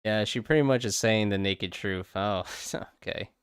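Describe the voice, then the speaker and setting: A man's voice: on the low side, normal speed, clean tone, dry recording, studio quality. A man hosting a casual drawing livestream, joking and exasperated and swearing freely as he chats. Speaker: livestream host. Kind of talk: casual chat while drawing.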